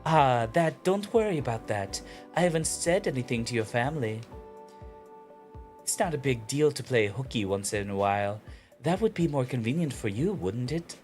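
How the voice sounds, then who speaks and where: A man's voice: medium pitch, animated, normal speed, a little mellow, soft background music, voice pushed up, close to an everyday voice. A man voicing a playful young woman teacher in a light, lilting, teasing voice.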